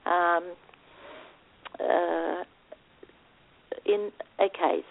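A woman, a spiritual healer, speaking gently and hesitantly as an interview guest. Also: on the low side, fairly even intonation, a little slow, gravelly, breathy edge. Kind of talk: interview, reading aloud. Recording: phone-like line.

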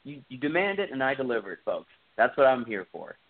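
Man, podcast host, casual rambling chat, enthusiastic, lots of fillers, mid-pitched voice, tinny phone-like sound. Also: sing-song, quick pace, husky. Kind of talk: casual chat retelling a film scene.

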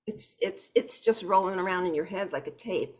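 Woman, interview host, husky voice, animated, dull lo-fi audio. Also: fairly low pitch, moderate pace. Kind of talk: conversational interview. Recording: dull lo-fi recording.

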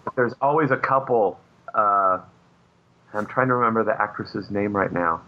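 A man's voice: lowish voice, moderate pace. Rambling male guest, dull lo-fi audio. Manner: rambling, hesitant, many fillers. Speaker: comic book artist guest. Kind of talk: casual chat.

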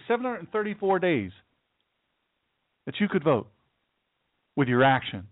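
A male talk show host rails through a heated political monologue from his studio, hammering points home and tripping over restarts. His voice sits a bit high. The sound is dry and thin, like a phone line. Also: sing-song, a little slow, pauses often, no echo. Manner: emphatic, repetitive, stammering restarts.

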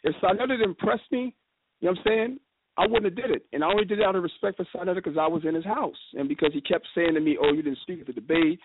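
A man speaking as a guest in a casual radio discussion, telling stories with quick, animated quoted dialogue. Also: high-pitched. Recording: noisy phone line.

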